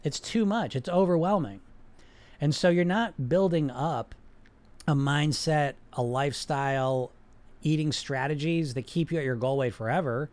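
Blunt high-voiced man coaching. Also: moderate pace, darkish tone. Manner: blunt, emphatic, profane, repeats words for stress. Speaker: weight-loss coach and podcast host. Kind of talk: unscripted coaching monologue to a live chat.

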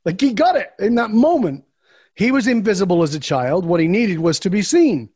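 A man's voice: high voice, normal speed, breathy edge, dry recording, studio quality. A middle-aged man answering an interviewer's questions on a podcast, a coach who acts out the dialogue of his stories. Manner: animated storyteller acting out dialogue.

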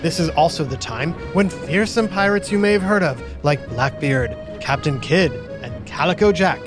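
A man hosting a children's educational podcast, narrating in an upbeat, animated way for kids. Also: high-pitched. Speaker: host.

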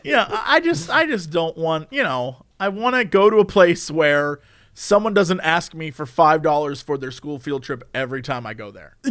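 A young man talking casually on a podcast, his voice riding high and swinging widely in pitch. He tells stories with animation, bursting into shrill shouts when he imitates people. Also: animated, unhurried, no echo, studio quality. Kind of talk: casual storytelling chat.

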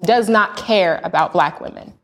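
A woman's voice: fairly low pitch, moderate pace, vocal fry. Earnest woman telling a story. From United States. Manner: earnest, animated storytelling with acted quotes. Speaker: panel guest sharing a birth story. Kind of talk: candid casual chat.

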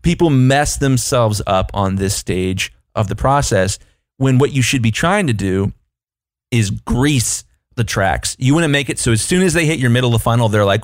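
A male podcast co-host in casual business chat, animated and acting out what imagined clients say in shifting voices. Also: mid-range voice, moderate pace, no room sound, clean studio sound. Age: adult, past his younger years.

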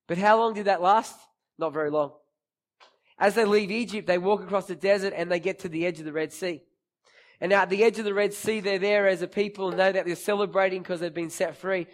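Brief: male preacher, high voice, storytelling sermon that swells to emphatic peaks. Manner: storytelling with acted-out quotes, rising to emphatic peaks.

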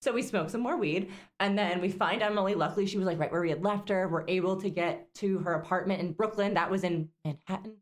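A woman's voice: medium pitch, fast, few pauses. A young woman co-hosting a podcast, telling a long road-trip story in casual chat, rambling with lots of fillers and laughs. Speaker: podcast co-host.

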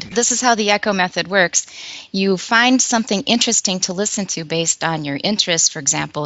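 Woman, guest professor, explaining patiently, low pitch, slightly dull recording. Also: fairly bright tone, no room sound. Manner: patient, demonstrative, repeats phrases. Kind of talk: explaining a learning method.

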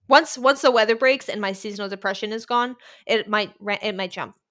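A woman's voice: mid-range voice, fairly quick, a bit bright. A woman with a Boston accent, a music reviewer guesting on a podcast, chatting emphatically with mock exasperation. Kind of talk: casual podcast chat.

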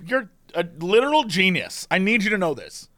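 A young man co-hosting a casual podcast, telling comic stories and doing quick impressions of the people he quotes. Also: high voice, very animated, a bit bright, no room sound, studio quality. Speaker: podcast co-host.

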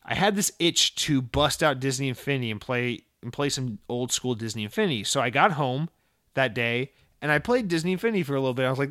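A young man hosting a casual gaming podcast, chatting in a rambling, excitable way with lots of swearing and restarts. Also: mid-range voice, fast, no echo, clean studio sound. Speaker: podcast host. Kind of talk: casual solo podcast chat.

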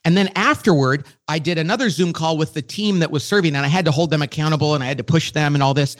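Animated middle-aged man, fairly high voice. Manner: animated storyteller, quick and enthusiastic. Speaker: guest. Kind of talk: casual conversation.

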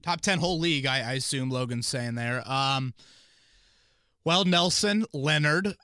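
A man hosting a casual sports podcast, talking in an animated, rambling way with many fillers and restarts. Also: mid-range voice, unhurried, smooth, no room sound, studio quality. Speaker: podcast host and team analyst.

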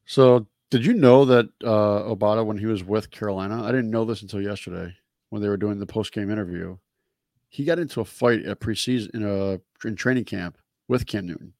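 A man's voice: lowish voice, brisk, darkish tone, no room sound, studio quality. A man co-hosting a casual sports chat, easygoing and hesitant, often repeating his first words. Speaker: podcast co-host.

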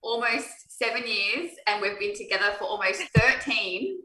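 An Australian woman talks through an interview in a bright, forward voice, circling back over her points in a loose, upbeat ramble. She sits a little away from the mic, and the room adds a noticeable echo. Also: mid-range voice, animated, normal speed. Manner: upbeat, rambling, repeats herself. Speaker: guest wrestler. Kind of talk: casual interview chat. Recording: echoey, distant from the mic.

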